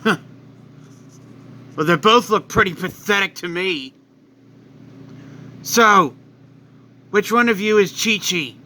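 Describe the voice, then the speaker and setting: A man's voice: high voice, slow, pauses often, pushed and bright, a little hiss or hum, exaggerated voice. A man voicing an arrogant, cruel possessed alien warrior who taunts everyone around him. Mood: taunting. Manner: taunting, cold, boastful.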